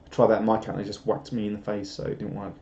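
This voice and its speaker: A young man hosts a live stream, reading out viewer comments and chatting casually in a rambling, self-deprecating way. His lowish voice is dark and monotone, and he talks very fast, with a little hiss or hum in the background. The audio is roomy and slightly dull, typical of a home stream.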